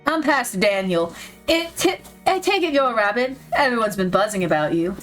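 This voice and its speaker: A woman voicing a nervous middle-aged male pastor in a put-on Southern accent, talking softly and earnestly. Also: fairly high pitch, expressive, fairly quick, soft background music. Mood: soothing.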